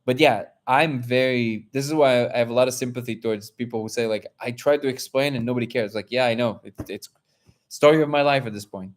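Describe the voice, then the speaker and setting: A man hosting a live discussion, telling a personal story in an animated way and acting out quotes. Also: medium pitch, brisk. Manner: animated, acts out quotes, many restarts. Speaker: host.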